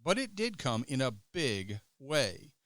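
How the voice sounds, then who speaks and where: A man's voice: mid-range voice, very animated, slow, a bit bright, dry recording. A man hosting a political podcast, reading scripted commentary in a sarcastic, mocking way. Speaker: podcast host.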